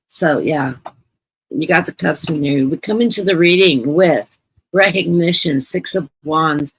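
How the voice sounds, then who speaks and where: A woman's voice: low voice, unhurried, slightly rough, no echo, low-quality recording. A woman giving a chatty live-stream tarot reading, often repeating words for emphasis. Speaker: guest tarot reader. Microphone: computer mic on a live stream.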